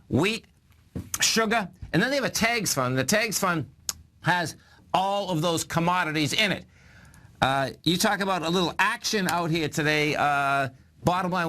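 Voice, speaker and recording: A high-pitched man hosts a market talk show with a bright, forceful voice. He sounds excited and rambles, turning to viewers as "folks" between his points. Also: normal speed. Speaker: financial show host.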